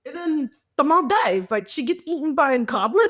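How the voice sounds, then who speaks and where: Woman, podcast co-host, casual chat, rambling, fairly high voice. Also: a little fast, few pauses. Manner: rambling, animated storytelling with quoted asides.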